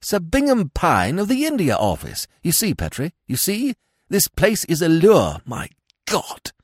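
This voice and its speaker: A man voicing a stern, commanding male detective who speaks with clipped, forceful urgency. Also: medium pitch, wildly swooping pitch, measured pace, breathy edge, no room sound, clean studio sound, voice pushed up, exaggerated voice. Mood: urgent.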